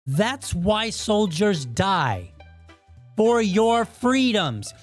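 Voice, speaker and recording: A man's voice: high voice, very animated, extremely slow, faint music behind. A man hosting his own podcast, delivering a blunt, heated opinion monologue. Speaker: podcast host.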